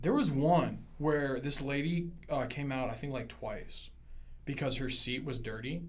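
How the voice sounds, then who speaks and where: A man's voice: medium pitch, unhurried, a little hiss or hum. A man in his twenties hosting a casual podcast, swearing often and acting out customers as he tells work stories. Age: 20s. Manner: profane, animated, acts out customers in retelling. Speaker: podcast host. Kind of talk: casual chat, storytelling.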